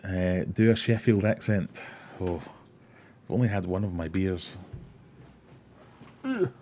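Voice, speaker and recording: A man's voice: deep voice, slow, mellow, slight background noise. A man hosting a casual livestream, rambling, joking and reading viewer comments aloud. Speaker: aquarium livestream host.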